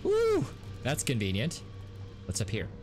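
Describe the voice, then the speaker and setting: A man hosting a gaming video, commentating a let's play in an excitable way, gasping and laughing as he plays. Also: on the low side, measured pace. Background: game music.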